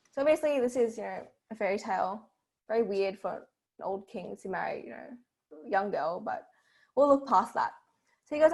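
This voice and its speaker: A woman's voice: mid-range voice, brisk. A woman tutor with an Australian accent, casually retelling a fairy tale in a seminar, with lots of fillers and rhetorical "right?" tags.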